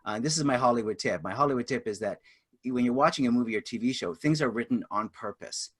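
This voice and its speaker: Brief: middle-aged male communications trainer, relaxed and conversational, full of fillers. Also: medium pitch, quick pace, breathy edge. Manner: chatty, many fillers, acts out example dialogue. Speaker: webinar presenter and communications trainer. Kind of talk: interactive webinar teaching.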